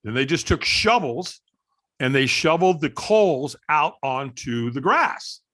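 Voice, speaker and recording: A middle-aged man telling a story as a guest on a podcast, animated and acting out the voices of people in the story. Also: fairly high pitch, unhurried. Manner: animated storyteller, acts out quoted dialogue. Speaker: guest, firewalk instructor.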